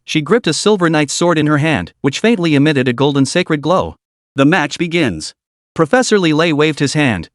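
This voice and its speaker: A man narrating a fantasy story recap in a steady, dramatic storytelling manner. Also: a little high, no echo, studio quality.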